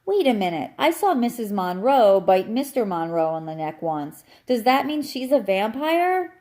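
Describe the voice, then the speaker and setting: A woman playing an excitable dim family dog. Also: on the high side, normal speed, pitched above the performer's own voice. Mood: puzzled. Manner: excitable, bewildered. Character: excitable, slow-witted male family dog.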